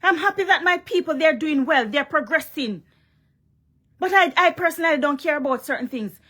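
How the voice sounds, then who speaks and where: A Jamaican woman delivers a confrontational vlog rant, mixing Patois and English as she scolds. Her voice sits a little high. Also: fairly bright tone. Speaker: vlogger. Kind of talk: heated monologue to a rival.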